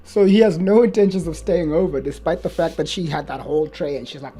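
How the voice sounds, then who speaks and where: A man giving casual, mocking reaction commentary as he recaps a show, chatty and quick to laugh. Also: on the high side, dark tone, breathy edge.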